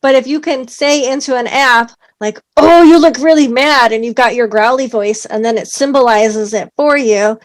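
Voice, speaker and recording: A woman's voice: a little high, normal speed, few pauses. A woman guest in an interview, a speech-language pathologist, talking in an upbeat way with frequent "um" fillers. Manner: upbeat, uses expressive example voices. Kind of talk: conversational interview.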